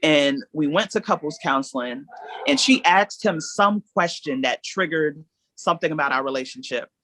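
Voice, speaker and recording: A woman's voice: low-pitched, animated, moderate pace, a bit bright, no room sound. A woman guest on a podcast, telling her own story candidly in long, earnest reflections.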